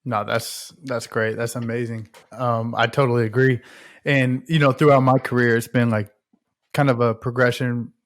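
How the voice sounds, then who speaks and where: A man's voice: mid-range voice, flat delivery, normal speed. A man hosting a casual podcast, agreeing with his guest and reflecting on his own career. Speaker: podcast host.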